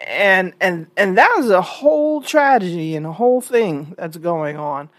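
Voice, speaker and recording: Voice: medium pitch, animated, a little slow, a bit bright, no room sound. A vlog host giving frank, casual opinion commentary, often restarting words mid-sentence.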